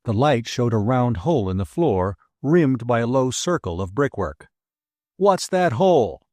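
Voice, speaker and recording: A man reading an adventure audiobook aloud with an expressive storytelling delivery. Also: medium pitch, normal speed, no echo, studio quality. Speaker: audiobook narrator. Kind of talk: scripted audiobook narration.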